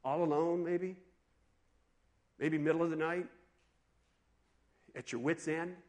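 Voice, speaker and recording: A man preaching a sermon in an animated, conversational way, asking his listeners questions. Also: fairly high pitch, slow. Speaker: pastor.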